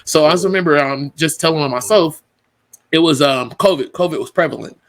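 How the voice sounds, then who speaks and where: Host, young man, slightly high voice, lively storyteller who acts out both sides of the dialogue. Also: a little fast. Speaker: podcast host. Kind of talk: casual faith-based chat.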